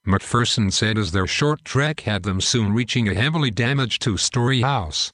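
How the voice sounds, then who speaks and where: A man narrating a war story in a steady, scripted reading. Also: medium pitch, moderate pace, no echo, studio quality.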